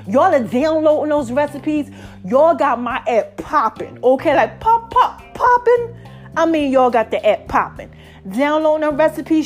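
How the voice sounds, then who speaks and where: Talking casually to her listeners, this podcast host sounds high-pitched and breathless. She gets animated and a bit preachy, promotes her shows, and addresses people as "y'all" and "baby".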